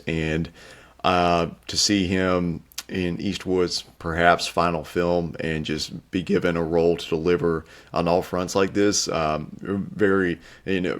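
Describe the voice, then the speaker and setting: A young man co-hosting a film review show, talking casually with many pauses and fillers. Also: sits low. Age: young adult. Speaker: film critic co-host.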